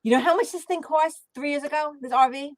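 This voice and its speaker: A woman's voice: sits high, fast talker, no echo. A woman hosting a livestream panel, chatting casually and playfully with lots of laughter. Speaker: livestream host. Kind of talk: casual chat.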